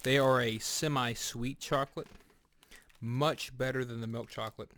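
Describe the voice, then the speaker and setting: A man giving a casual snack review, speaking deliberately and pausing often with fillers and restarts. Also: mid-range voice, steady tone, fairly bright tone. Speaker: food reviewer. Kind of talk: casual product review vlog.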